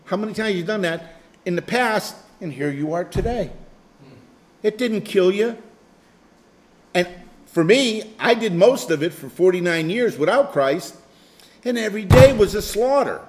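A man's voice: high-pitched, lively intonation, normal speed, pauses often. Older man giving a rambling sermon. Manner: rambling, repeats phrases, chuckles. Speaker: Bible study leader. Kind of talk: informal sermon to a group.

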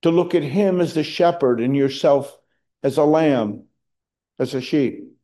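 A middle-aged pastor delivers a sermon in a slow, unhurried rhythm. His voice is mellow and somewhat high for a man, and he raises it with emphasis whenever he quotes scripture. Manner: slow, earnest preaching with emphatic rises on quoted verses.

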